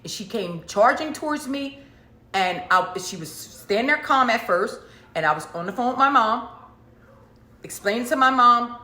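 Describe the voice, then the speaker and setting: A woman preacher telling a personal story in an emphatic, animated way, repeating phrases for effect. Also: a little high, moderate pace, reverberant. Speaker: prophetess and preacher. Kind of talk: casual storytelling monologue.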